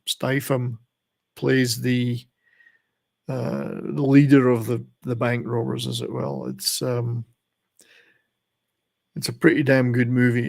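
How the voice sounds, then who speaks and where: A man's voice: medium pitch, gravelly, a little mellow, slightly rough. An older man hosting a casual live stream, rambling and chatty, laughing at his own jokes. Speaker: channel host.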